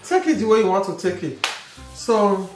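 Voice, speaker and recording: A woman's voice: medium pitch, sing-song, moderate pace. A woman hosting a couple's prank vlog, teasing her husband and then pleading and laughing. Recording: echoey room, mic at a distance, faint music.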